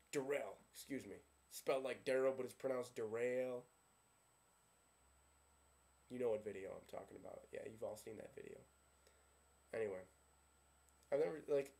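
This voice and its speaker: Dark-voiced sarcastic man, football fan rant. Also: medium pitch. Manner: sarcastic, ranting, keeps asking himself questions. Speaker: sports vlogger.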